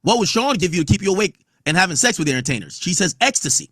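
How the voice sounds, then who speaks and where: A man's voice: sits high, very animated, very fast, a bit bright, husky, dry recording, clean studio sound. A man hosting a podcast, reading court testimony aloud and riffing on it in blunt, profane casual commentary. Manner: blunt, profane, reads quotes aloud and riffs on them. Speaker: podcast host.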